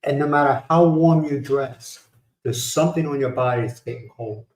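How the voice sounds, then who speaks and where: A man's voice: medium pitch, moderate pace, darkish tone. Man telling stories in a roomy space. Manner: storytelling, laughing at his own punchlines. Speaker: livestream host. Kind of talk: casual chat.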